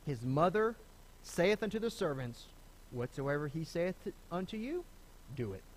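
A high, very animated male voice preaching from a church pulpit. He is a middle-aged pastor who swings his pitch up and down as he talks, stumbling over restarts and slipping into the voices of the people he quotes. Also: normal speed, a little hiss or hum. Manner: lively, conversational preaching with repeated starts and acted quotes. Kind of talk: sermon. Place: church sanctuary.

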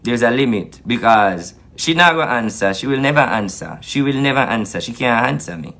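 A man's voice: medium pitch, animated, brisk, a bit bright. Jamaican man, aggrieved advisor, rants and repeats himself. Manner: aggrieved, repetitive, swearing. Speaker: spiritual advisor airing a grievance. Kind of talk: angry monologue rant.

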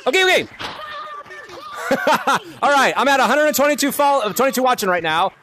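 A man live-streaming a VR game, shouting greetings and cheering his players on with lots of laughter, into a headset mic. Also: very high voice, lively intonation, a little fast, background noise. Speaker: gaming streamer. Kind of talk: excited live-stream chat while playing.

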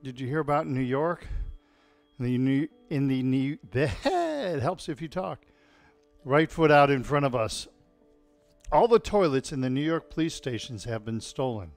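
A man teaching a live-streamed tai chi class at home, calmly calling out movements and telling deadpan puns to an audience he can't hear. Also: medium pitch, unhurried, no room sound, faint music behind. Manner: calm cueing of movements mixed with deadpan puns.

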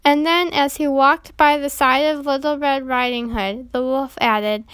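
A woman reading a children's storybook aloud in a gentle, measured way. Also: high voice, fairly even intonation, no room sound.

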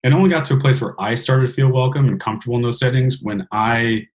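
A man's voice: medium pitch, fast. A man hosting a podcast in casual interview chat, earnest and frank, swearing casually. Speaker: podcast host.

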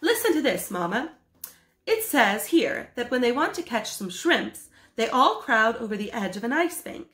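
A woman voicing an excitable, dreamy middle-aged man in a storybook reading, speaking eagerly and with wonder. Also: a little high, moderate pace. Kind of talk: storybook read-aloud. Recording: echoey room.

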